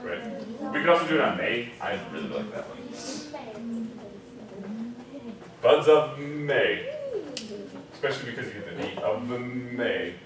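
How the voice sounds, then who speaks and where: A man teaches a diction class, recorded from far off in a very echoey room while the class murmurs. His pitch moves lively as he explains. He checks in with his students constantly and draws out example lines slowly. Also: a crowd in the background. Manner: explanatory, checks in often with "okay?" and "right?". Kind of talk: classroom lesson.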